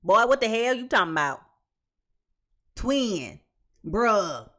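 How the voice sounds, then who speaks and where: A woman voicing a carefree, dismissive partner who brushes things off in fast slang. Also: mid-range voice, sing-song, fairly bright tone, full character voice.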